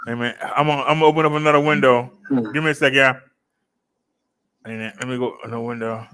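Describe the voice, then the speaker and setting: A man hosting a livestream in a relaxed, chatty way, talking to viewers by name, recorded on a phone worn on his chest. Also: medium pitch, fast, clean tone. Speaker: livestream host. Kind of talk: casual chat with a live chat.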